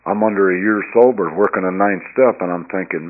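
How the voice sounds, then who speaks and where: A man with a somewhat low voice shares his recovery story as an earnest personal testimony. He moves between hushed, quiet stretches and loud, emphatic passages. The recording sounds dull and lo-fi. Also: fairly quick, hardly any pauses. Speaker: speaker sharing his recovery story at a recovery meeting.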